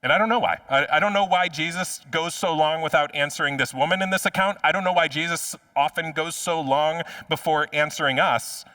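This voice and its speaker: A man's voice: on the high side, brisk, few pauses, pushed and bright, no echo, recorded from a distance. A man preaching a sermon as pastor in a conversational way, often repeating words as he restarts a phrase. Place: church.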